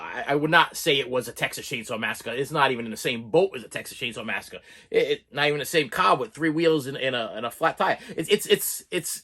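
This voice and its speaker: A man giving a rambling, animated horror movie review, mocking the characters in put-on voices. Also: medium pitch.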